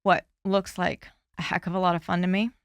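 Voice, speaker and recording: A woman in her forties, a candidate speaking earnestly and heartfelt in a podcast interview, often pausing with "you know". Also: on the low side, little pitch movement, creaky, no room sound. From Florida. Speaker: congressional candidate guest.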